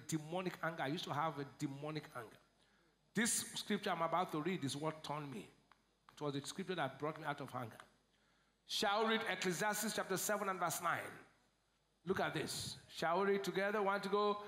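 Nigerian male pastor, high voice, call-and-response sermon, roomy hall. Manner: call-and-response preaching, swings from shouts to low asides. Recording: echoey church hall.

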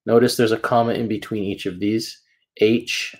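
A man's voice: on the low side, level tone, moderate pace. A man teaching a math lesson, walking through each step patiently and checking in with "okay?" and "right?" as he goes. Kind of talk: classroom lesson walkthrough.

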